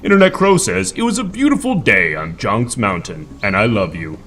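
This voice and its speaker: A man's voice: fairly low pitch, very animated, moderate pace, noisy background. A man playing a hammy, man-eating mountain creature who hosts a live improv comedy stream, talking playfully and theatrically. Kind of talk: improv comedy role-play.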